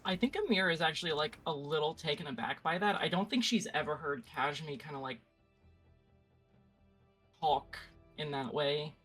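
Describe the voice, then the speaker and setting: Woman player, hesitant, lowish voice. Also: normal speed, pauses often, fairly bright tone, slightly rough, faint music behind, low-quality recording. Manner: hesitant, thinking aloud. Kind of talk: tabletop game play.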